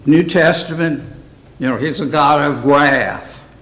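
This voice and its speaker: A man leads a Bible study in a relaxed, conversational teaching style. His voice sits a little high for a man, and he takes his time, often turning things back to his listeners with questions. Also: slow, low-quality recording. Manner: conversational, plain-spoken.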